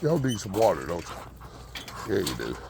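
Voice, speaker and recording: A man with a rough, gravelly voice chats casually to his viewers while he feeds his hens in a frozen yard. His pitch swoops up and down constantly, and his drawl turns soft and coaxing when he calls to the birds. A faint hiss of noise sits under the recording. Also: huge pitch swings, unhurried. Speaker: backyard chicken keeper. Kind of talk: casual vlog chat. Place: outdoor yard and front porch in freezing weather.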